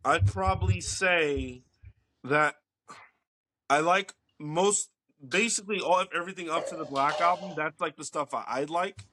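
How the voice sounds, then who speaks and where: A man's voice: a little high, measured pace, background noise. A man, hosting a podcast and telling rambling, profane stories in casual chat. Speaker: podcast host.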